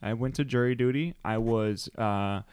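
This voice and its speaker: A man's voice: mid-range voice, moderate pace, a little mellow, clean tone, dry recording, clean studio sound. A man in his thirties co-hosting a podcast, rambling through a story and acting out what people said. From United States. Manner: rambling storyteller, acts out quotes. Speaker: podcast co-host. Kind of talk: casual chat.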